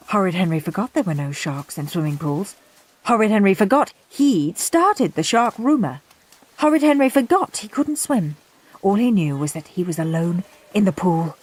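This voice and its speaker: A woman narrating a children's story aloud in an expressive storytelling manner. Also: on the low side, normal speed, husky. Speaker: audiobook narrator.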